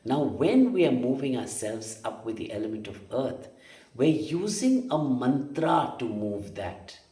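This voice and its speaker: A man's voice: medium pitch, sing-song, unhurried, mellow. A man teaching energy healing and meditation, emphatic and repetitive, often asking rhetorical questions. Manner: emphatic, repeats phrases, asks rhetorical questions. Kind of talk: spoken meditation lesson. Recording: roomy sound from a distance.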